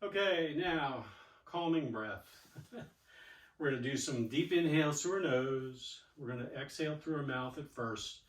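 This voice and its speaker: Guiding a yoga and fitness session, this instructor stays talkative and supportive while calling out every cue. He speaks at a normal speed in a mid-range voice, and the distant mic picks up an echoey room.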